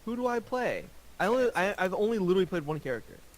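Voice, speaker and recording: A man's voice: high-pitched, sing-song, quick pace, rough recording. A young man chatting casually with friends on a gaming voice call, teasing, profane and rambling. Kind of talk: casual chat.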